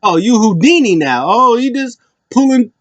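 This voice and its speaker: Man putting on a jokey wrestler voice, high-pitched, animated, incredulous, bone-dry sound. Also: moderate pace, dry recording, highs cut off. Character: loud jokey male wrestler, playful and incredulous.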